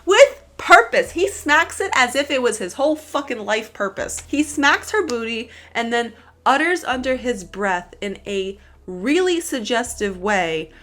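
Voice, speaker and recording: A woman's voice: on the high side, sing-song, a little slow, a bit bright. Woman, casual commentary, sassy, swears a lot, dramatic emphasis. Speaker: commentary YouTuber.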